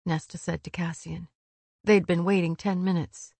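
A woman narrating an audiobook in a calm, measured reading. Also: lowish voice, vocal fry, breathy edge, dry recording. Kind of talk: scripted narration.

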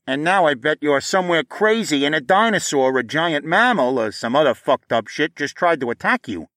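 A man's voice: on the high side, expressive, normal speed, fairly bright tone, dry recording, clean studio sound, voice pushed up. A man putting on a crude, boastful inventor ranting. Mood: brash. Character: crude paranoid middle-aged male inventor leaving a recorded message.

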